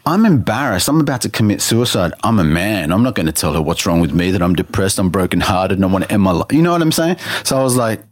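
A man's voice: fairly low pitch, lively intonation, quick pace, hardly any pauses, dry recording, studio quality. A man telling a personal story in an interview, earnestly, with many restarts, acting out his own thoughts in quoted lines. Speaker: interview guest. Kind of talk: personal testimony in conversation.

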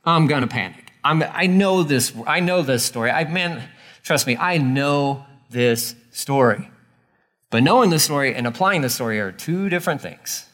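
Forties guy preaching, chatty sermon style, slightly high voice, pitch all over the place. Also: normal speed. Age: 40s. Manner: animated, conversational preaching with acted-out quotes. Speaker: pastor.

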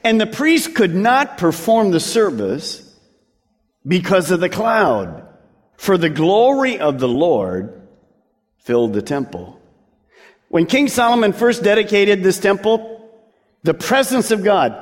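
A man's voice: sits high, sing-song, slow, pauses often. A man preaching a sermon as pastor, emphatic and drawing out key words for weight. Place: church sanctuary. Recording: long hall reverb from a church.

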